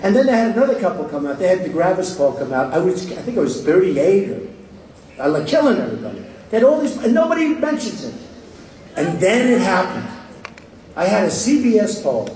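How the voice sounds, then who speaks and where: A man's voice: high-pitched, big pitch swings, a little fast, darkish tone. A man giving a campaign rally speech, boastful and rambling, repeating himself and taking sarcastic jabs at the press. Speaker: political candidate. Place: large packed hall with a crowd. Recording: echoey hall from far off, crowd noise.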